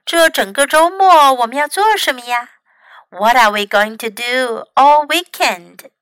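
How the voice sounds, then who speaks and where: Chinese-native woman teacher, bright and slightly high, unhurried bilingual lesson. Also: dry recording, rough recording. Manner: clear, careful enunciation. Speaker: English teacher. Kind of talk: bilingual read-aloud lesson.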